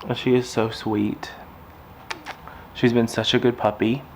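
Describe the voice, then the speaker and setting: A man's voice: medium pitch, level tone, unhurried, slight background noise. Chatty man vlogging at home. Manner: chatty, rambling, talks to his puppy between thoughts. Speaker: craft vlogger. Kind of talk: casual chat to camera. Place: indoors at home.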